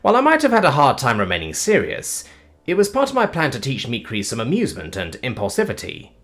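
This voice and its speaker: Male narrator, first-person sci-fi, wry casual delivery with a very lively pitch. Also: fast. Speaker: audiobook narrator.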